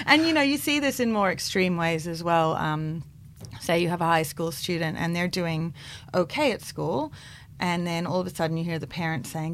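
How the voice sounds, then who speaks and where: A woman's voice: fairly low pitch, normal speed, slight background noise. A woman in her thirties, a clinical psychologist, explaining her views animatedly in a radio interview. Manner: animated, acts out quotes in bright voices.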